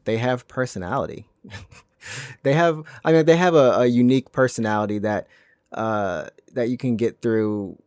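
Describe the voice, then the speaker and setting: A man of middle pitch co-hosts a podcast in casual chat. He asks questions and laughs easily. The sound is dry and close. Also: moderate pace, a little mellow, clean tone, dry recording. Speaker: podcast co-host.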